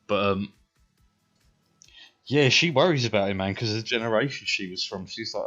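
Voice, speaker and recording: A British man in his thirties with a lowish voice tells rambling, swear-heavy stories to his stream and keeps checking in with "right?". The audio is a bit dull, with quiet music running behind him. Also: moderate pace, pauses often. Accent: British English. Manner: rambling, heavily profane, says "right?" a lot. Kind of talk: casual storytelling while gaming.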